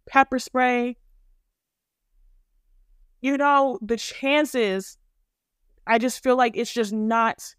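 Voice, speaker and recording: A woman's voice: mid-range voice, clean tone, no echo, clean studio sound. Blunt, profane woman podcast host. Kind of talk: opinionated commentary monologue.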